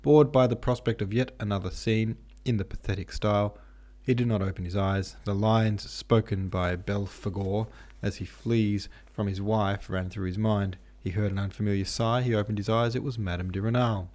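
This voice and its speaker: Low-voiced man hosting a book podcast. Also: normal speed, hardly any pauses. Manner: relaxed, chatty. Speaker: podcast host. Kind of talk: casual book podcast chat and reading aloud.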